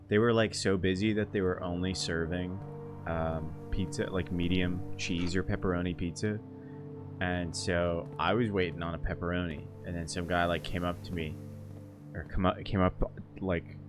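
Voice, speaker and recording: Hungover guy with a deep voice. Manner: rambling, laughing storyteller. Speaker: streamer. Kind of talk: casual gameplay chat.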